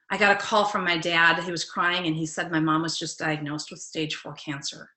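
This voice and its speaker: A woman's voice: on the low side, pushed and bright, reverberant. A middle-aged woman, a life coach giving a motivational webinar talk, earnest and direct, putting questions to her audience.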